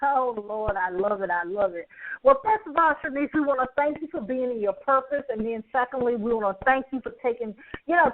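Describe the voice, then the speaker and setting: A woman hosting a podcast, her high voice coming through a tinny line that sounds like a phone. She talks with emphasis and feeling. She repeats her points and laughs between lines. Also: dry recording. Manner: emphatic, emotional, repeats herself, laughs often. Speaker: podcast host. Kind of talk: casual show sign-off.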